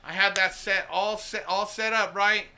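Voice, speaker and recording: A young man, a stand-up comedian, telling animated, profane stories in a casual podcast chat. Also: sits high, normal speed, slight background noise. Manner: profane, animated storytelling full of "dude" and "bro".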